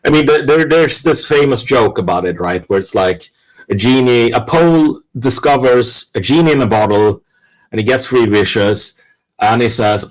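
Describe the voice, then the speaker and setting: A man of middle pitch holding forth on a podcast panel, blunt and sweary. He talks in rapid bursts, slows to stress points, and tells jokes along the way. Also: animated, rough recording. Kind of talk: casual podcast discussion.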